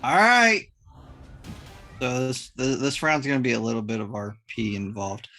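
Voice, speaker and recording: A man's voice: mid-range voice, normal speed, creaky, soft background music. Guy at the game table getting hyped over his rolls, swears a lot. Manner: excited, swears freely, boastful about rolls. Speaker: player. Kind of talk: casual tabletop game chat.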